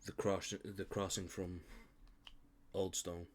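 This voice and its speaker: A man's voice: sits low, level tone, takes it slowly, slight background noise. A man running a tabletop role-playing game as game master, chatty and easygoing. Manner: chatty, laughs easily, trails off.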